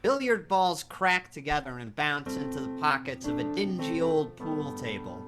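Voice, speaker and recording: An audio drama narrator, reading descriptive scene narration in a measured way. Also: mid-range voice, big pitch swings, natural voice. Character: storyteller narrating events. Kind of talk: scripted narration. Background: music.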